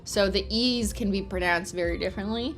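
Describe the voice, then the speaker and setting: A woman's voice: mid-range voice, a little fast, soft background music. A woman hosting a casual livestream, chatting loosely, swearing often and laughing a lot. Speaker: livestream host.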